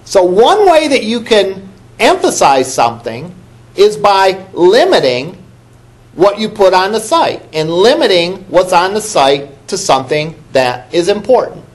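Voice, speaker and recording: A man teaching a college class, his fairly high voice rising and falling a lot as he talks. He keeps it conversational, tossing questions out to the room and echoing back the answers he hears. The lecture is recorded in a classroom. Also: very animated, normal speed. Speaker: college instructor.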